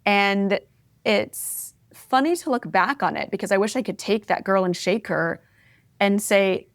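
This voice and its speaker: A woman in her forties, an interview guest, telling candid personal stories in an expressive, reflective way, often adding "like" and "right?". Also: mid-range voice, unhurried, dry recording. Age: 40s. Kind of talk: candid conversational storytelling.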